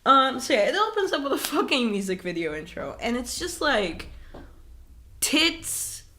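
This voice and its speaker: A young woman co-hosting a podcast in casual chat, animated, swearing, laughing and using lots of fillers. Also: sits high, measured pace. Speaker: podcast co-host.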